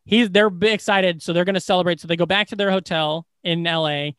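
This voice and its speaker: A man co-hosting a podcast, retelling a film's scenes in a casual, profane, animated way. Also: high-pitched, brisk, clear, resonant tone, no room sound, studio quality. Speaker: podcast co-host. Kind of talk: casual movie recap chat.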